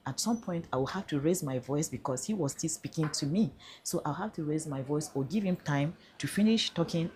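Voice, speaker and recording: A middle-aged Nigerian woman recounting a personal ordeal with strong emphasis. Her voice is deeply husky and mellow. She sits on the lower side of the pitch range. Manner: emphatic, rising to passionate appeals. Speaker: vlogger. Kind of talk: personal storytelling.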